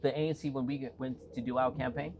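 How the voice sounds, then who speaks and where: A man with a South African accent, talking as a guest in an interview and telling stories with animated energy. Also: mid-range voice, fast talker, dull audio, background noise. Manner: animated storytelling with lively acted quotes. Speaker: mayoral candidate guest. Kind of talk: casual interview talk.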